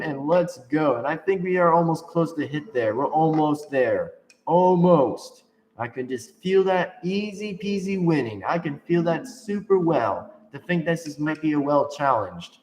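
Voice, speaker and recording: A playful, rambling man giving casual gaming commentary, quick to laugh, recorded in an echoey room with faint background noise. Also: on the high side. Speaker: gameplay commentator.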